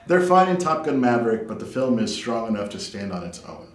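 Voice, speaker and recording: A man co-hosting a film podcast, reviewing movies in an articulate, measured way. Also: mid-range voice, big pitch swings. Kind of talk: film review and casual chat. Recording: echoey room with faint noise.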